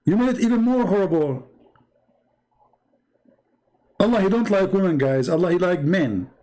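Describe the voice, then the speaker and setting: With a high, expressive, dark-toned voice and a quick pace, a man hosts a live-streamed religious debate with a caller. He's sarcastic and mocking, laughs at his opponent, and emphatically repeats his points to hammer them in.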